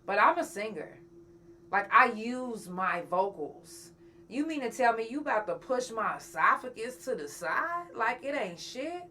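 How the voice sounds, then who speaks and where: Brief: young woman, bright forward tone, frank and chatty live-stream host. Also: on the high side, big pitch swings, measured pace, a little hiss or hum. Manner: candid and chatty, swears freely, talks straight to her audience. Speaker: podcast host and singer. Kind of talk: casual live chat with viewers.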